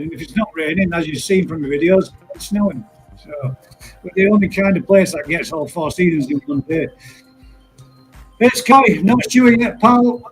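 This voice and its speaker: A high-pitched, husky man hosting a relaxed live chat. He laughs easily, rambles through his thoughts and keeps calling everyone mate. Faint music plays softly behind him. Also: poor audio. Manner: chatty, laughs often, calls people mate. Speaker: live stream host.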